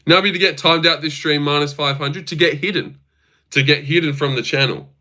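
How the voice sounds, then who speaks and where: Bright-voiced young man chatting on a livestream. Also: on the high side, fairly even intonation, fairly quick. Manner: crude, teasing banter with chat, frequent swearing. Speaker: livestream host. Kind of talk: casual livestream chat reacting to chat.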